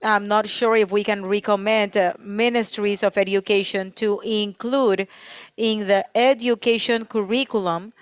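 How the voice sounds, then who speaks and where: A woman working as a simultaneous interpreter at a panel discussion, speaking in a steady, even way with frequent pauses as she keeps up with the speaker. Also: medium pitch, smooth, dry recording. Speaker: conference interpreter.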